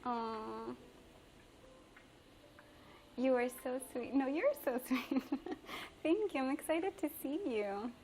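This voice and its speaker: A woman's voice: sits high, animated, slow, pauses often, a little mellow, a little hiss or hum. Bubbly, giggly young Mexican woman chef. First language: Spanish. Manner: bubbly, giggly, talks straight to viewers. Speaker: livestreamer and chef. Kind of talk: casual livestream chat reading comments. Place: home kitchen.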